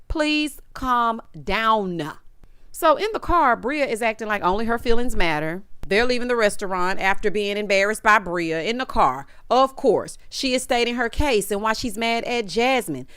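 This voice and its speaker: A woman's voice: mid-range voice, lively intonation, moderate pace, hardly any pauses, fairly bright tone, clear, resonant tone, no room sound. A woman giving a sassy, casual recap of a reality TV episode, mimicking the cast in changing voices.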